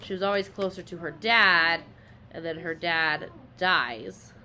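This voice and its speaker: A woman's voice: on the low side, fairly even intonation, unhurried, bright, forceful tone, a little hiss or hum. A woman co-hosting a podcast, retelling a book's plot in casual chat with lots of filler words. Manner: rambling retelling with many fillers. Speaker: podcast co-host.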